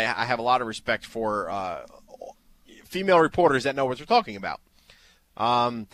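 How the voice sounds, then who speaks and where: Animated, opinionated male radio host. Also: fairly high pitch, no echo. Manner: animated, opinionated, repeats words. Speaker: fantasy football radio host. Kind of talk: casual radio chat. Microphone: headphones in a studio.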